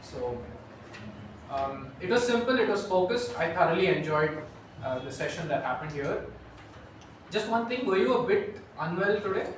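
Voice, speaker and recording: A man's voice: high voice, animated, moderate pace. A man giving upbeat, praising feedback at a club meeting. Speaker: general evaluator. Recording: echoey room, far from the mic, noise.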